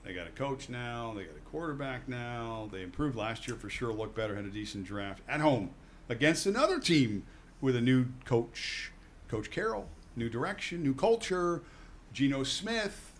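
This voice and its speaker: A man co-hosting a sports radio desk, chatting through his weekly football picks with plenty of jokes and quick corrections of himself. His voice is mid-pitched and swings up and down a lot, and a faint hiss of noise sits under the recording. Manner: animated, jokey, self-correcting. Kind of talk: casual sports betting talk.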